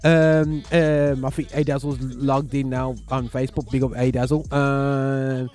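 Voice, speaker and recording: A man's voice: mid-range voice, little pitch movement, a little slow, a little mellow, soft background music. Laid-back man hosting radio. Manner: loose and rambling, with slang and laughs. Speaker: radio show host. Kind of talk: casual radio chat. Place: small studio.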